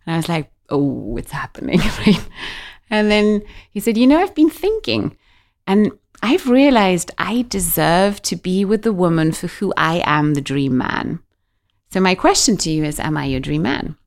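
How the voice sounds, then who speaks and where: A middle-aged woman telling a personal story in a casual interview, animated and acting out the voices of the people she quotes. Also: lowish voice, moderate pace. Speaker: guest.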